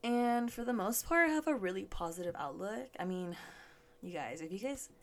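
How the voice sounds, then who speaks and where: Gravelly-voiced woman chatting casually. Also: mid-range voice, lively intonation, normal speed. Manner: casual, swears freely, laughs often. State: yawning, stuffy sinuses. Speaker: podcast host. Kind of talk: casual solo podcast chat.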